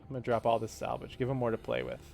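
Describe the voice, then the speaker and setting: A man's voice: mid-range voice, level tone, racing, gravelly, a little mellow, faint music behind. A man streaming a game live, chatting casually and swearing as he thinks aloud. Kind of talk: live gameplay commentary.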